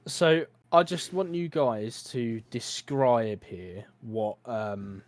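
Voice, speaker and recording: A man's voice: mid-range voice, slow pace. A British man hosting a casual comedy podcast, telling a story with lots of laughs. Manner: lively storyteller, laughs often. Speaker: podcast host.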